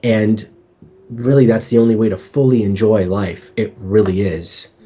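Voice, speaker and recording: Speaking at normal speed with a fairly low, steady, warm voice edged with breath, a man chats candidly as a podcast guest in a casual interview. He jokes at his own expense and occasionally dramatizes his inner voice; the recording is dull lo-fi.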